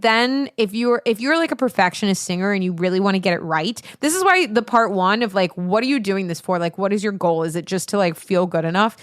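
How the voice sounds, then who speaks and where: A woman voice teacher talks through a casual lesson, animated and chatty, dropping swear words and side stories as she goes. Her voice is smooth and clear, recorded close and dry with no room sound. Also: medium pitch, dry recording. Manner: chatty, animated, swears freely, jumps between asides. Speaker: voice teacher and show host.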